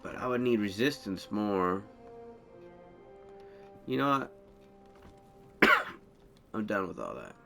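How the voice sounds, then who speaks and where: A man's voice: lowish voice, very animated, takes it slowly, gravelly, long pauses, pushed and bright, soft background music. A man giving casual gameplay commentary, rambling and thinking aloud as he plays. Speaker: gameplay streamer.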